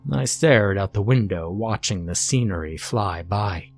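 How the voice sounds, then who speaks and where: A man with a fairly low voice narrates a scary story in the first person, calm and steady. His delivery is scripted and even. Soft music runs underneath. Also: a little slow, few pauses. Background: faint background music.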